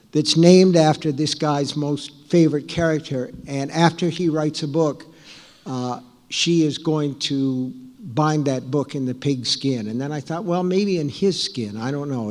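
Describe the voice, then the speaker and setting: A man's voice: a little high, a little mellow. A man in his sixties, an author, telling rambling, self-deprecating anecdotes to a live audience with wry humor and frequent restarts. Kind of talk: live storytelling talk. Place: large hall with audience. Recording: live hall reverb.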